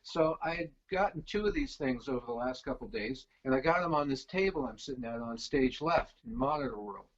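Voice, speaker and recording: A man's voice: a little high, lively intonation, a little fast, gravelly, few pauses. Rambling middle-aged man, lo-fi. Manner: rambling, lots of fillers and restarts. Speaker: guest, venue stage crew. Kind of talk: casual storytelling.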